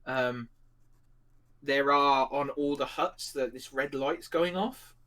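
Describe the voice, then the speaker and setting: A man's voice: mid-range voice, slow, fairly bright tone. A man narrating a tabletop game as game master, in a rambling style full of fillers. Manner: rambling, filler-heavy description.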